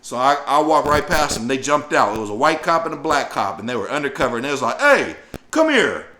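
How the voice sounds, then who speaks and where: A man telling a personal story in a casual, profane, animated way, acting out voices and sound effects. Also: medium pitch, quick pace, roomy sound, a little hiss or hum. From northern Louisiana.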